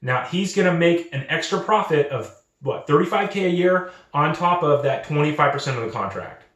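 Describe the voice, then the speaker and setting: A man's voice: on the high side, normal speed, echoey room. A young man giving casual advice to junior developers, earnest, often repeating and restarting his words. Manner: acts out quoted recruiters in lively voices. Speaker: channel host.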